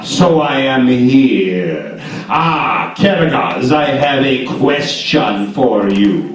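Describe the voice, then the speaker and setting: A man voicing a slow, ominous male jinn spirit in a live shadow puppet show, speaking with deliberate, teasing menace. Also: mid-range voice, lively intonation. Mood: menacing. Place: large echoey library hall, live show. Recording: echoey hall, picked up from far off.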